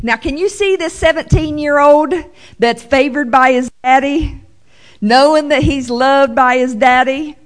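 Slow, animated woman teaching scripture. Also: high voice. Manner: animated, drawls scripture slowly, playful asides. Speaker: Bible teacher. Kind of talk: sermon-style Bible teaching.

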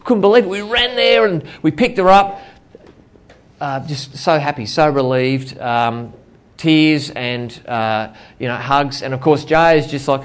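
A man's voice: on the high side, a little slow, clean tone. A middle-aged man preaching a sermon in a church, telling a personal story with many fillers and restarts. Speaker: pastor.

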